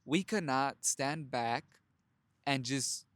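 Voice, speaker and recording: A man's voice: medium pitch, slow, no echo. Blunt, profane young man preaching. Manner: blunt and profane, addresses listeners as brothers; animated storytelling with frequent laughs. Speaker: self-help vlogger. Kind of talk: casual motivational monologue.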